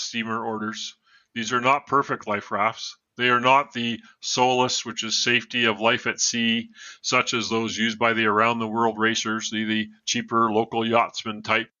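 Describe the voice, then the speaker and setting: A man's voice: mid-range voice, little pitch movement, normal speed, sharp tone, no echo, dull audio. A man telling a true story as a podcast guest, reading from notes and adding casual asides.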